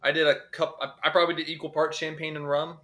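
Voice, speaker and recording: A man from North Carolina co-hosting a podcast, chatting casually with dry, deadpan jokes. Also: on the high side, quick pace. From North Carolina, USA. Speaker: podcast co-host.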